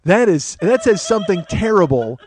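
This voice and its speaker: A man's voice: high voice, big pitch swings, moderate pace, darkish tone, slight background noise. A man in his forties, a comedian and podcast host, telling a profane story in a casual monologue and acting out the quoted dialogue. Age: 40s.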